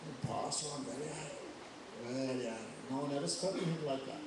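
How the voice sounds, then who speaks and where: A man preaching in an animated way, retelling scripture stories and laughing at his own jokes. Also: mid-range voice, fairly quick. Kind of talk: devotional storytelling sermon. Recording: echoey hall, mic far off, faint noise.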